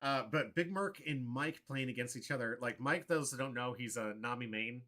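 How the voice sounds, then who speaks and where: A man hosting a casual card-game livestream, excitable and prone to loud mock rants. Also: medium pitch, moderate pace. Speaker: livestream host.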